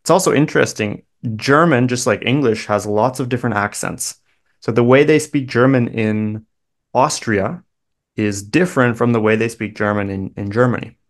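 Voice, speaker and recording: A Canadian man, a guest English teacher, talking slowly and clearly for learners in a thoughtful, explaining way. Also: mid-range voice. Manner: measured, thoughtful, explains carefully. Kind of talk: slow clear conversation for learners.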